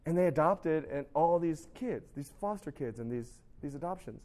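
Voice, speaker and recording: A man's voice: a little high, animated, normal speed, darkish tone. A man giving an informal sermon, telling a story with lots of fillers and restarts, and acting out the people in it. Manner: acts out quoted people in the story. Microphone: recorded live, speaks to a sound tech.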